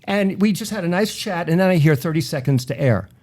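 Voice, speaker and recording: A middle-aged man from Long Island spins radio stories in a relaxed interview. His voice sits a little high for a man. He acts out the people he quotes with quick shifts of voice. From Long Island, New York. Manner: animated anecdotes, acting out quoted voices. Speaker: radio personality guest. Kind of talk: casual storytelling interview.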